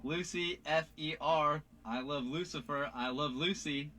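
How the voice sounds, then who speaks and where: A man in a played clip, delivering a quick, earnest monologue full of wordplay. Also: on the high side, bright, forceful tone. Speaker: conspiracy commentator in a clip. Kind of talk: rapid monologue.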